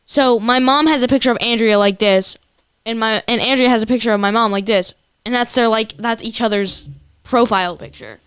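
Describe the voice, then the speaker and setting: A woman's voice: a little high, brisk, fairly bright tone, smooth. A teenage girl co-hosting a casual chat show, telling stories in a chatty way full of fillers. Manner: chatty storyteller, lots of fillers and laughs. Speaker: co-host.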